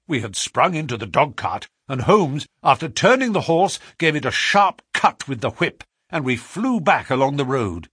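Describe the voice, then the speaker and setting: Male audiobook narrator, measured and expressive, slightly husky, dry close recording. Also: no room sound. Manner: measured storytelling, lively pitch.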